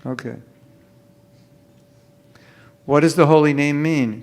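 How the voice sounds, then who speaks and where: A man leads a live chanting workshop into a microphone, joking often and imitating careless, mumbled chanting to make his point. His voice sits on the high side with a darkish tone, slow and full of long pauses.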